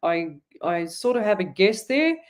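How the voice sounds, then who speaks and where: A middle-aged Australian medium hosting a live online show is very animated yet keeps a measured pace in her mid-range voice. She gives readings and takes viewer comments in a chatty, rambling way, often starting over.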